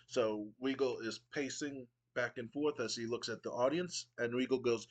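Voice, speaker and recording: A man's voice: mid-range voice, moderate pace, hardly any pauses, poor audio. A man casually narrating his wrestling game playthrough, rambling with frequent ums and restarts. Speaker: game streamer.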